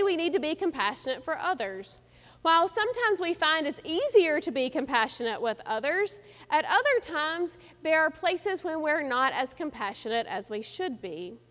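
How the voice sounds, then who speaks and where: Woman, pastor, sermon, earnest and reflective, lively pitch, long hall reverb.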